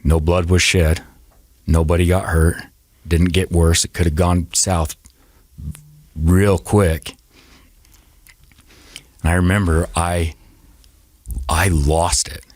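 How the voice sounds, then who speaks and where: Male podcast guest: very low, husky voice, halting personal storytelling full of restarts, close and dry. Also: flat delivery, no echo. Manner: halting, repeats and restarts words.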